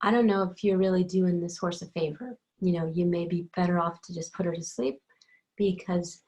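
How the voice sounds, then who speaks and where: A woman's voice: fairly low pitch, fairly even intonation, normal speed, dark tone, close to an everyday voice. A woman voicing a cautious, doubtful vet who gives a grim outlook.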